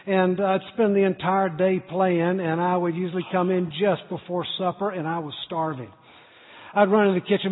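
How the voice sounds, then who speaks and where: A man preaching a sermon, telling stories earnestly and building to loud emphasis. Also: sits high, fairly even intonation, moderate pace. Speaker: pastor. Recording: tinny echoey hall recording.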